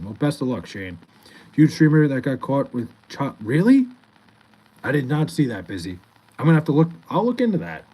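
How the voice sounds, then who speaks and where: A young man from Long Island, high and laid-back, reading comments aloud in a casual livestream and swearing freely. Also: a little mellow, slightly rough, low-quality recording. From Long Island, New York.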